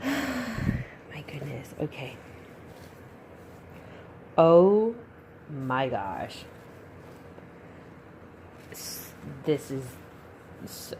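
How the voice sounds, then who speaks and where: A woman opening a doll box on her vlog, gushing with breathy exclamations as she talks to viewers. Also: rumbling low, a little mellow, a little hiss or hum. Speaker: reborn doll collector and YouTuber. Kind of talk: unboxing vlog chat.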